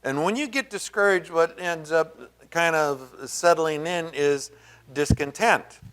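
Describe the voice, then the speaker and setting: Slow-talking pastor with a smooth voice. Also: male voice, fairly bright tone. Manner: conversational, rambling with many fillers and asides; acts out quoted voices with raised pitch. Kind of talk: sermon.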